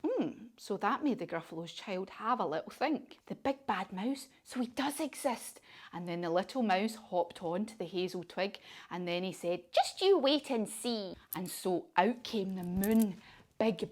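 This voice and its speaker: A woman leads children through yoga poses while telling a storybook tale. Her instructions are sing-song and encouraging, and her pitch sits in a middle range. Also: a little slow. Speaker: kids yoga teacher.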